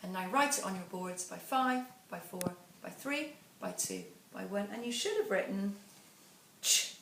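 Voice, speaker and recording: A woman teacher giving a phonics dictation lesson, counting down and sounding out words slowly and patiently. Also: medium pitch, sing-song. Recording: echoey room, voice a bit far from the mic, faint background noise.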